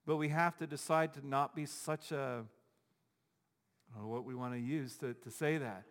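A man's voice: medium pitch, steady tone, normal speed. Emphatic man preaching in an echoing hall. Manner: emphatic, repetitive, rhetorical questions. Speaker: pastor. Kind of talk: sermon. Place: church sanctuary.

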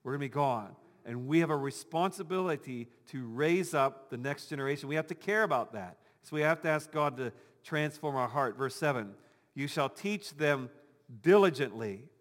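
A man's voice: a little high, lively intonation, moderate pace, long reverb tail. A male pastor giving a conversational sermon with touches of humor, acting out imagined voices of the congregation.

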